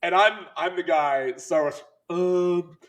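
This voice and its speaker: A middle-aged man co-hosting a podcast, telling an animated, laughing story in casual chat. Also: mid-range voice, brisk. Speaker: podcast co-host.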